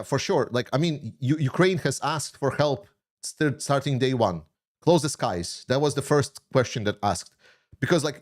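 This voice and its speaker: A man hosting a commentary channel, answering viewer questions in an unscripted stream. He talks bluntly and heatedly, swears often and has slightly non-native grammar. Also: medium pitch.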